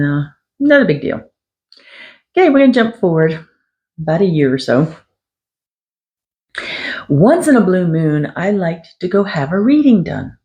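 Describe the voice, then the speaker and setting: A woman hosting a paranormal podcast, telling a personal story in a conversational monologue, quoting others and clearing her throat now and then. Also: fairly low pitch, warm tone, lo-fi sound. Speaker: psychic podcast host.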